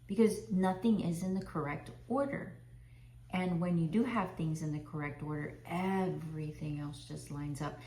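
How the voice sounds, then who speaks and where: A woman who works as a Christian life coach gives an earnest faith talk, often repeating herself and drawing out her phrases. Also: fairly low pitch. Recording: roomy echo.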